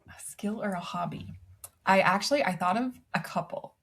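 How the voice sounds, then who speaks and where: A woman's voice: medium pitch, moderate pace, gravelly, fairly bright tone, husky. A woman in her thirties, a podcast guest, telling stories in casual chat and laughing often. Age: 30s. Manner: chatty storyteller, laughs often.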